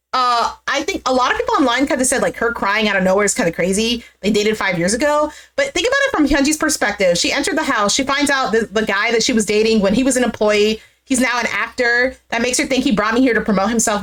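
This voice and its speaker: A woman's voice: fairly high pitch, fast, a bit bright. A woman chatting casually as she recaps a reality dating show, acting out what people said and swearing now and then.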